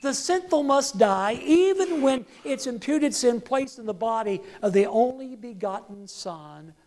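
Slow, emphatic woman preacher. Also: on the high side, lively intonation, darkish tone. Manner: emphatic, repeats key phrases, leads the congregation in call-and-response. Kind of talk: sermon. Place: church service with projected slides.

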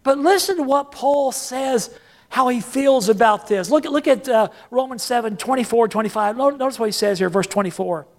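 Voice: mid-range voice, moderate pace. A preacher delivering a sermon, repeating key phrases for emphasis and calling on the congregation to say lines back and answer.

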